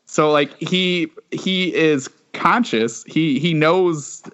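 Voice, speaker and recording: A man's voice: on the high side, slow pace, fairly bright tone, highs cut off. A man co-hosting a podcast, rambling casually with many fillers. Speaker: podcast co-host.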